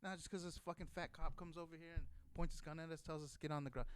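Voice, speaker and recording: A man's voice: a little high, fairly even intonation, racing, few pauses, clean tone. Swearing man telling a service story. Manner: swears constantly, acts out shouted quotes. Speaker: storyteller, former Marine. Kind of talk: casual profane storytelling.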